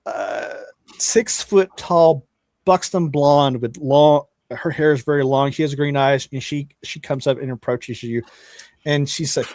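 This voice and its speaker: A man's voice: mid-range voice, measured pace, a little mellow, dry recording. A man narrating a tabletop game as game master in a loose, rambling way. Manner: casual, rambling with fillers.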